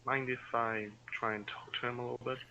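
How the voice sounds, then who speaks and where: Bright-voiced man, hesitant tabletop player. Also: mid-range voice, little pitch movement, fast talker, muffled recording. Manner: hesitant, lots of fillers and restarts. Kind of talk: playing a tabletop game in character.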